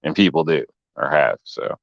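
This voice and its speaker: A man on a podcast in casual chat, explaining in a measured way with lots of "you know". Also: extremely low pitch, expressive, gravelly, no echo. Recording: dry, dull sound.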